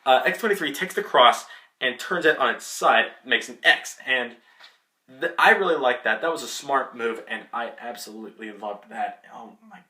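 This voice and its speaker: A young man giving a casual, rambling movie spoiler review as a vlogger, excitable and full of fillers. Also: mid-range voice, normal speed. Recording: echoey room.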